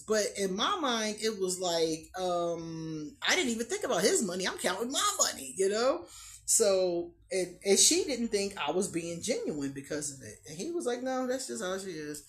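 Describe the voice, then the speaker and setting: Woman host, casual talk, animated pitch, frequent laughs. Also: normal speed. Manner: laughs often, animated storytelling. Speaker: astrology channel host. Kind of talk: casual chat to camera.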